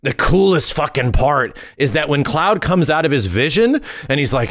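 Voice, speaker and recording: A man hosting a gaming channel, recapping a game preview in an excitable, profane way, full of fillers and hummed tunes. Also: fairly high pitch, normal speed, few pauses. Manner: excitable and profane, with lots of fillers and sung hums.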